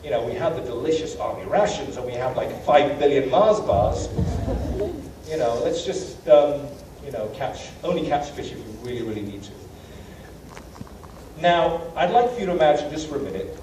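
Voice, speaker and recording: Heard from a distance in an echoey lecture hall with faint hiss, a British man delivers a humorous travel lecture as a guest speaker. His medium-pitched voice has lively intonation and a moderate pace, and his storytelling is self-deprecating and packed with fillers.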